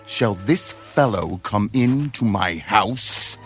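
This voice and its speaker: This is a haughty ancient king in a dramatized Bible recording. He sounds incredulous and dismissive, delivering his lines slowly and deliberately. A gentle music bed sits under the voice. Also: lowish voice, animated, exaggerated voice. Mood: scornful. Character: scornful ancient king of Gath, man. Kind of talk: dramatized audio Bible reading.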